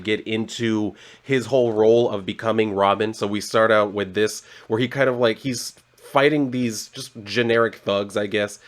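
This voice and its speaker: A man with a lowish voice talks through a comic book plot in a loose, rambling way. He leans on filler words and drops casual swears as he goes.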